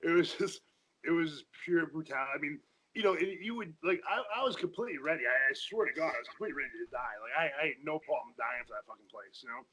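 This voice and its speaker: A man with a bright, slightly high voice tells old gym stories in a quick, casual rush. He swears freely and keeps circling back with restarts. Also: breathy edge, poor audio. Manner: fast, profane, repeats himself in restarts. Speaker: podcast guest, former powerlifter. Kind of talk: casual chat.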